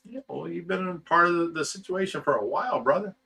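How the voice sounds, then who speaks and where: A man's voice: on the high side, lively intonation, quick pace, vocal fry, bright, forceful tone, husky, distant mic. A man hosting a livestream, chatting casually and reading viewer comments in a blunt, rambling way, swearing freely. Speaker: livestream host reading chat.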